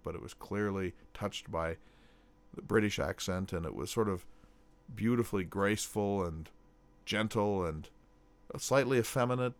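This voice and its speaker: Midwestern male radio host from North Dakota, lower voice, hesitant delivery with a faint catch. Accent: General American Midwestern. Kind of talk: radio talk show conversation.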